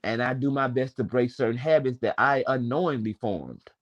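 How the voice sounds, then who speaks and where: A man's voice: mid-range voice, animated, moderate pace, dull audio. A man in his twenties speaking in a casual, rambling storytelling way. He swears freely as he talks. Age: 20s. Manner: wordy, digressive, swears freely. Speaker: panel speaker.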